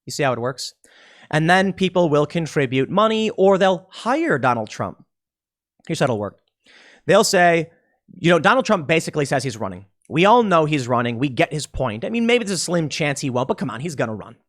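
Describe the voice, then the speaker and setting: A man giving casual solo political commentary, animated and quick to slip into mocking voices. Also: fairly high pitch.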